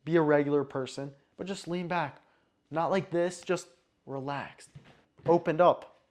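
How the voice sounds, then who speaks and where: A man giving dating advice to the camera in short, emphatic commands, sometimes acting out slow, relaxed lines. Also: on the high side. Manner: acts out relaxed date lines slowly. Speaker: dating coach. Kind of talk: direct-to-camera advice talk.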